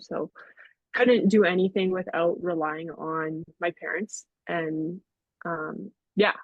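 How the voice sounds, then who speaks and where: A woman's voice: fairly low pitch, breathy edge, no room sound. A young woman telling personal stories as a podcast guest, chatty, with lots of fillers and laughs. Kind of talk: casual storytelling interview. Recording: dull, slightly muffled audio.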